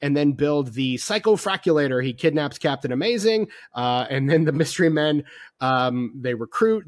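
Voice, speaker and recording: A man's voice: on the high side, dry recording, studio quality. A man co-hosting a casual film podcast, talking with rambling enthusiasm, full of fillers and casual swearing. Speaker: podcast co-host.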